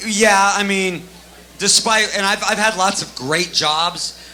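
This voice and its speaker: A man tells stories on a live panel stage, animated and quick to act out what others said. His voice sits fairly high and rings bright. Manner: animated, storytelling with acted quotes. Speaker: panelist, former music TV host.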